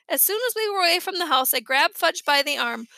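A woman reading a children's chapter book aloud with lively, expressive storytelling. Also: high-pitched, brisk, vocal fry, no room sound. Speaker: audiobook reader. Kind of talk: storybook narration.

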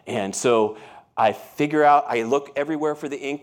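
A man preaches to his congregation in a relaxed, conversational sermon. He tells everyday stories and keeps asking his listeners questions. His voice sits in an ordinary middle range. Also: medium pitch, a little fast. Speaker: pastor. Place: church.

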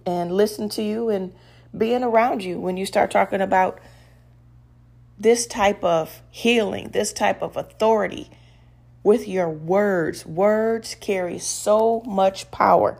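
A woman's voice: mid-range voice, measured pace, gravelly, a little mellow. A woman reads scripture aloud and then breaks off to teach on it. She speaks in an earnest, conversational way and leans hard on her key points. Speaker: devotional podcast host. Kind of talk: scripture reading and devotional teaching.

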